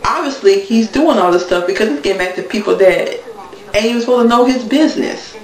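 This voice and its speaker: A woman's voice: fairly high pitch, a little fast, recorded from a distance. A woman giving a blunt, gossipy casual recap, talking straight to her viewers. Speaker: TV recap vlogger. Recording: echoey room, voice from off-mic.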